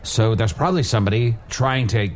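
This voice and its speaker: A man's voice: medium pitch, fairly quick, a little hiss or hum, natural voice. A man playing a grandiose, self-important male wizard on an improvised comedy podcast, talking in a pompous, proclaiming manner. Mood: earnest. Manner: pompous, proclaims his titles loudly.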